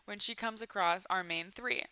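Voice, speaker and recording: A woman's voice: medium pitch, moderate pace, over loud music. A woman in her twenties hosting a casual comedy commentary about a bad movie, full of sarcastic, playful asides. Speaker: YouTube commentary host.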